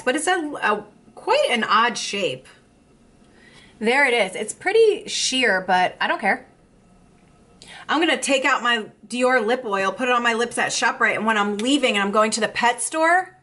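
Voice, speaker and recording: A young woman vlogger chatting casually as she unboxes makeup, gushing and excitable. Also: fairly high pitch, normal speed. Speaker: beauty vlogger.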